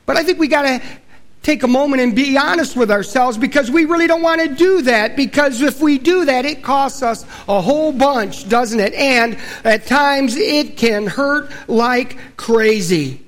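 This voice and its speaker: A man preaching a sermon in a folksy, storytelling way, dropping low and quiet for solemn points. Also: measured pace. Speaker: pastor.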